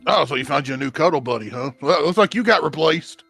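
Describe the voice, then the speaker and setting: A man's voice: a little high, expressive, quick pace, vocal fry, a bit bright, soft background music, exaggerated voice. Man playing a teasing, crude half-orc.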